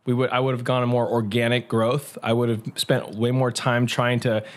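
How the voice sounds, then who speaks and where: A man who is a pastor, telling his story in an energetic, conversational interview. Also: medium pitch. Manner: energetic, quick, with restarts. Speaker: pastor and guest.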